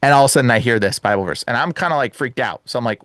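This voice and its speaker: A young man telling an excited personal story as a podcast guest, laughing often and calling the host bro and dude. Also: medium pitch, fast, no echo.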